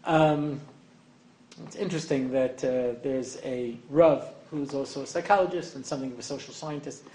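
A man's voice: medium pitch, normal speed, a little mellow, slight background noise. An older man giving an evening lecture to an audience, rambling and joking with many asides. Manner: rambling and joking, heavy on "you know". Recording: echoey room, faint ambience.

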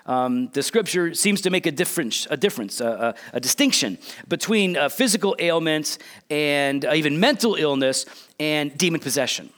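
Middle-aged male pastor mid-sermon, slightly high voice with lively swings, conversational asides. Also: normal speed. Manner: animated preaching with repeated restarts and asides.

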